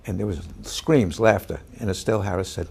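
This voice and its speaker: An older man, an actor, telling a story about a past role in a halting way, full of fillers and restarts, now and then shouting out the lines he quotes. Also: on the low side, husky. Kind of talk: anecdotal storytelling.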